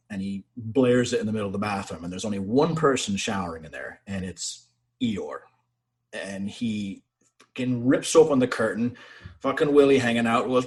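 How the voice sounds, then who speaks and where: A man, a navy sailor guest, telling profane, animated anecdotes in casual conversation. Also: mid-range voice. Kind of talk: casual storytelling.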